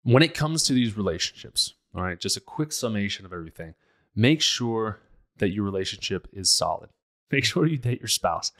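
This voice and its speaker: A man's voice: on the low side, lively intonation, moderate pace, fairly bright tone. A man hosting a relationship podcast, giving casual advice in a blunt, emphatic, conversational way.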